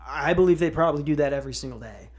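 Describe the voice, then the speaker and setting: A man's voice: fairly high pitch, racing, darkish tone. Profane, sarcastic podcast host man. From United States. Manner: profane, sarcastic, rambling with restarts. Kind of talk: casual comedic rant.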